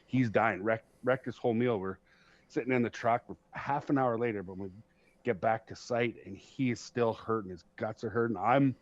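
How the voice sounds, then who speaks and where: A man hosting a podcast, telling stories in a casual, profane, animated way and laughing at himself. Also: medium pitch, moderate pace, no echo. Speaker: podcast host. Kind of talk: casual storytelling chat. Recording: dull lo-fi sound.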